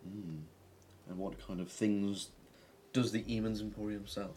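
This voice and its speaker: A man's voice: lowish voice, flat delivery, a little slow, dark tone, a little hiss or hum. A man playing a tabletop game, giving brief laid-back replies. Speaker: player.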